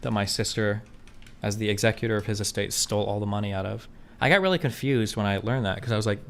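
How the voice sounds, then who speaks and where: A man's voice: fairly low pitch, fast, vocal fry, a bit bright. A man chatting casually with viewers, answering their questions in a blunt, profane, rambling way with lots of fillers. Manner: reads viewer questions aloud. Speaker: streamer answering chat questions. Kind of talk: casual chat.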